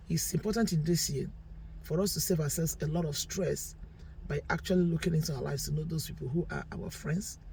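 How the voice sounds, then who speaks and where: A woman's voice: low voice, vocal fry, warm tone, rough recording. Earnest woman vlogging over traffic noise. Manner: earnest, talks straight to the viewer. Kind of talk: casual advice monologue.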